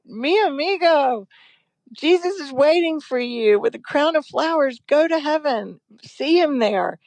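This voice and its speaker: A woman voicing a tender mother from a film, gently sending her dying boy to heaven in a soft, lilting, high voice. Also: expressive, measured pace, no echo, low-quality recording.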